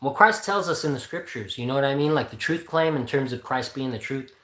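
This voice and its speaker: A man's voice: medium pitch, a little fast, pushed and bright. A man hosting a casual spiritual talk who thinks aloud, rambles and corrects himself as he goes. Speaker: channel host. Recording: roomy echo.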